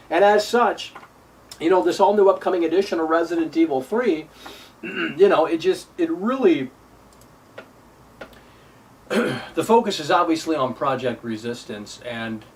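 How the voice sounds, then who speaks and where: A man rants on a live stream, slightly high-voiced and repetitive, with sarcastic whiny imitations of his critics. He sits some way from the mic. Faint noise hums underneath. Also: far from the mic, low-quality recording. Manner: repetitive, combative. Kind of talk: ranting live stream commentary.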